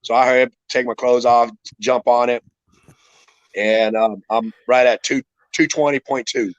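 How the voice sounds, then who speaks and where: A middle-aged retired MMA fighter, appearing as a guest, tells a rambling, profane fight story full of restarts, speaking with a drawl at an ordinary pitch. His tone is steady and his speed normal. The recording is dry, echo-free and slightly muffled, like a home podcast mic.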